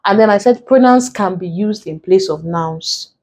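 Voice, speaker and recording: A woman's voice: mid-range voice, normal speed, darkish tone. A woman teaching an exam prep lesson, going through the steps one at a time and repeating the key points. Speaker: exam tutor.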